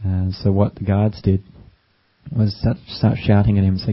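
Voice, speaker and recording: Low, monotone male meditation teacher. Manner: gentle, unhurried, with many fillers. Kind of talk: dharma talk. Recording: dull lo-fi recording.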